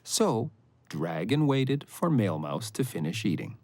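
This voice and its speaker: A woman narrating a children's cartoon story in a gently amused storytelling manner. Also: very deep voice, big pitch swings, unhurried. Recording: narration over cartoon music.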